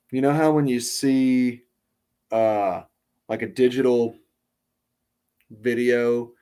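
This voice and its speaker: A man hosting a podcast, telling a casual story in a rambling way with many pauses and restarts. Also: mid-range voice, warm tone. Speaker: podcast host.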